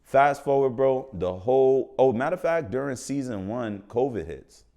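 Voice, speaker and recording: A man speaks as a podcast guest, telling stories from his career in relaxed street slang. He is animated and keeps his listener hooked, and his pitch sits right in the middle for a man. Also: moderate pace. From New York. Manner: slangy, animated, acts out quoted voices. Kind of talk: casual storytelling.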